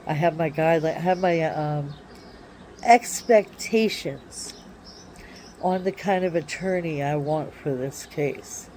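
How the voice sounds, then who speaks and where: A woman vlogging casually from her backyard on her phone, talking in an excitable, drawling way with sudden swings of emphasis. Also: on the low side, a little hiss or hum. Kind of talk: rambling casual monologue. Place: backyard by a wooded area, outdoors.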